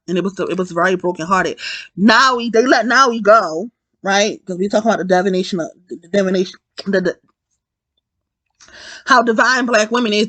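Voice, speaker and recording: A woman giving a casual spoken film review, animated and profane, often repeating herself and correcting her words. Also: fairly high pitch, no echo.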